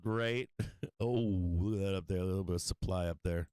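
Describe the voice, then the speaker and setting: A man's voice: low voice, normal speed, a little mellow, smooth, no room sound. A man hosting a stock market livestream, talking casually and bluntly, swearing often and laughing a lot. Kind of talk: casual trading livestream talk.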